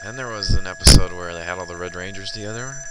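Deep-voiced and fast, a young let's player gives rambling, foul-mouthed commentary while gaming, swearing frequently on each loss. The audio comes from a boosted computer mic that crackles, with loud game music in the background.

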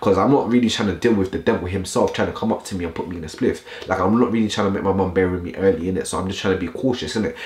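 A young man telling a storytime vlog story to viewers, full of slang and animated asides. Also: low voice, rapid-fire, few pauses. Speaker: vlogger. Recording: roomy echo.

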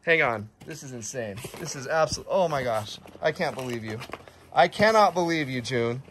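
A man hosting a casual vlog, opening a viewer's gift and reading her letter aloud, bursting into excited exclamations and stumbling over words as he reads. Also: medium pitch, moderate pace, a little hiss or hum. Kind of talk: casual chat to camera.

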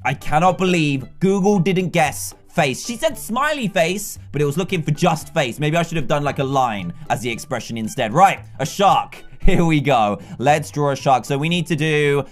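A young man hosting a gaming video, giving excited commentary with frequent exclamations and laughs. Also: on the high side, normal speed, few pauses, soft background music.

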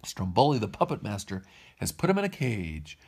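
A man's voice: wildly swooping pitch, moderate pace, creaky, darkish tone, husky, exaggerated voice. A man voicing a small male cricket who urgently calls for help, in a storybook read-aloud. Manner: urgent, high-pitched.

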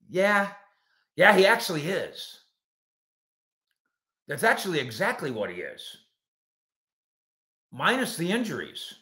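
A man hosts a live sports call-in show with a bright, lively voice that jumps around in pitch. He answers viewer comments with quick wisecracks. The sound bounces around an echoey room.

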